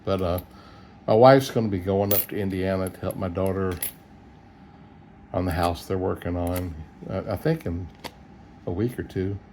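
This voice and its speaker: A man's voice: low voice, steady tone, normal speed, long pauses, a little mellow, a little hiss or hum. A middle-aged man, chatting casually and chuckling as he sorts coins on camera. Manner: chuckling, easygoing, folksy, thinks aloud. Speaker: coin roll hunter. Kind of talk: casual solo video commentary.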